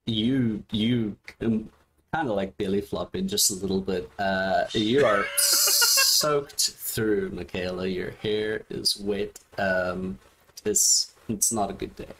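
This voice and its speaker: A man narrates a tabletop horror game as game master, slow and low-pitched. He stalls and restarts often as he describes scenes. Faint noise sits under his voice on the call. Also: steady tone. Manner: halting, with many restarts and fillers.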